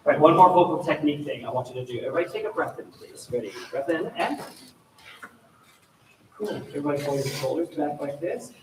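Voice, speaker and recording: A man directing a choir rehearsal, giving energetic coaching instructions and demonstrations to the singers. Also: on the high side, quick pace, noisy background. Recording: echoey room, mic far off, faint ambience.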